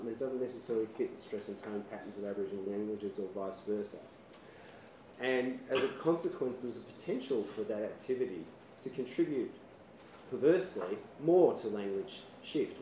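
A lower-pitched man gives a measured academic presentation, slipping in a dry joke now and then. He is recorded from a distance in a hall with a lot of echo. Faint room ambience hums behind him. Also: background noise. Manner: measured, dry humour, occasional fillers. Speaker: conference presenter. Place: lecture hall. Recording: echoey hall, mic at a distance.

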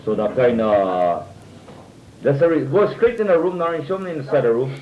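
A man speaks in a mid-pitched voice with a Hawaiian Pidgin accent, telling a story in a loose, chatty way. He acts out what others said and leans on lots of fillers. The recording sounds roomy and dull, like lo-fi tape. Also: moderate pace, a little hiss or hum. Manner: animated, acts out quoted speech, many fillers. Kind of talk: casual storytelling among friends.

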